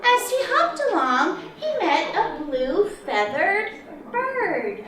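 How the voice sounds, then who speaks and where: A woman librarian reads a storybook to a group of small children, high and bouncing with melody, taking her time over each phrase. The sound is echoey and distant, picked up from across a room full of children. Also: very animated, takes it slowly, crowd noise. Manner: sing-song, coaxing, teacherly. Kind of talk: reading a picture book to young children.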